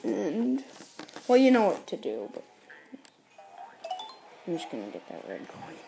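A woman's voice: medium pitch, wildly swooping pitch, unhurried, gravelly, very noisy. A woman giving casual game commentary as the host of a gameplay tutorial, explaining each step while she rambles and corrects herself.

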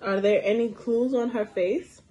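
A young woman teacher reading a storybook aloud to small children, slow and encouraging, asking them questions as she goes. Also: fairly high pitch, steady tone, dark tone, lo-fi sound. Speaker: preschool teacher.

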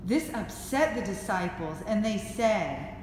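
Slow-speaking woman narrator. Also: mid-range voice, expressive, noisy background. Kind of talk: skit narration.

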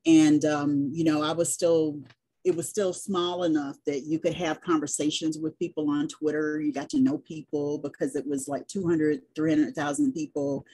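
A middle-aged woman with a Southern US accent, a business coach chatting as an interview guest and telling stories in a relaxed way. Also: low voice, moderate pace, slightly rough. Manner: chatty storyteller, spells things out. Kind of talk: casual interview chat.

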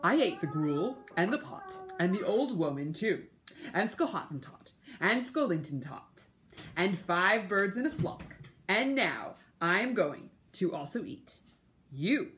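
A woman voicing a greedy, boastful fat male cat in a storybook reading, listing loudly everything he has eaten. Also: lowish voice, sing-song, a little slow, a little hiss or hum.

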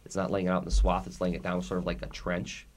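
A man's voice: low voice, completely flat delivery, fast talker, a little mellow. A man with a nasal voice hosting a casual chat, chatty and rambling, laughing often. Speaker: podcast host.

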